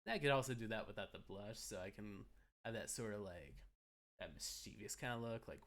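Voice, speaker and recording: A man's voice: fairly low pitch, fairly quick, fairly bright tone. A man streaming live, chatting casually and rambling as he searches for words. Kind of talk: casual livestream chat.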